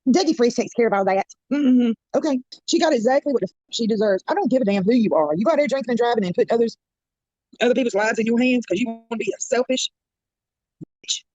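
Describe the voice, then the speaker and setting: A woman's voice: on the high side, quick pace, darkish tone, no echo, dull audio. A woman drama commentator delivering a blunt, profane, scornful rant on a live stream.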